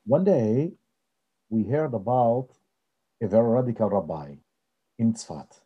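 A man from Israel, a religious leader and peace activist, telling stories in an interview in animated, hesitant, non-native phrasing. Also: medium pitch, unhurried, husky, muffled recording.

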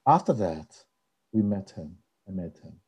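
A man from Israel, a religious leader and peace activist, telling stories in an interview in animated, hesitant, non-native phrasing. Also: low-pitched, a little slow, breathy edge, lo-fi sound.

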